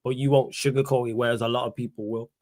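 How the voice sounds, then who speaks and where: A man's voice: medium pitch, level tone, quick pace, a little mellow. Laid-back slangy male host. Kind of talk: casual chat.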